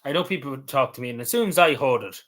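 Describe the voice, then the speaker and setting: A man with a Cavan Irish accent talks casually on a live stream, reacting to viewers' comments. He speaks haltingly, restarting phrases and letting them fade off softly. His voice sits at an ordinary middle pitch for a man. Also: animated. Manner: halting and hesitant, trailing off quietly at ends of phrases. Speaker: livestreamer.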